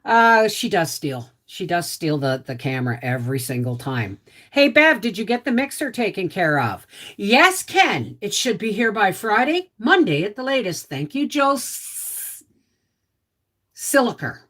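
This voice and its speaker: A woman chats through a relaxed home livestream. Her voice climbs and dips freely as she greets viewers and talks to her dog. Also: mid-range voice, a little slow. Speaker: homestead livestream host. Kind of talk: casual livestream chat.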